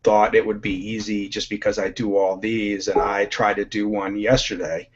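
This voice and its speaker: A man on a panel speaks earnestly and pokes fun at himself. His voice is low and fairly flat in pitch. The call audio is muffled and lo-fi. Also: normal speed. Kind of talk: casual panel chat.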